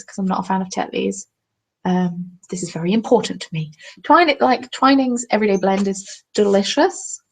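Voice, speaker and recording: A young woman with a southern English accent chats on a live stream, rambling from topic to topic and filling the gaps with ums. Her voice sits at an ordinary middle pitch but carries a noticeable vocal fry. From southern England. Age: 20s. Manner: chatty, rambling, full of ums, answers viewers' comments. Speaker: craft channel host. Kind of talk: casual chat on a live stream.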